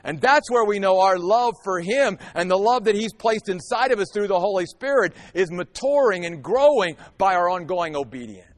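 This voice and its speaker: A man with a notably high voice preaches earnestly from the pulpit. He builds his points steadily and pushes to emphatic peaks. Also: lively intonation, normal speed, hardly any pauses. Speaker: pastor. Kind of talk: sermon.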